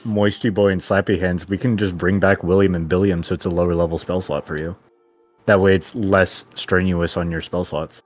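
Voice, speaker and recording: A man's voice: sits low, steady tone, moderate pace, soft background music. A man talking casually as a tabletop game player, eagerly working out tactics aloud.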